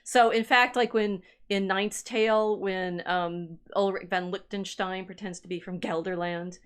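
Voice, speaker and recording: A woman's voice: mid-range voice, steady tone, a little slow, clear, resonant tone. A woman historian chatting on a livestream, reading family-tree records aloud with musing asides and restarts. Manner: reads genealogy records aloud, musing and self-interrupting. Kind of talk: casual livestream chat.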